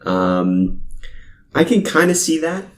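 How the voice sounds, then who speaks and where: A man's voice: on the high side, sing-song, takes it slowly, reverberant. A young man co-hosting a podcast in casual chat, easygoing and a little hesitant, with many fillers. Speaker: podcast co-host.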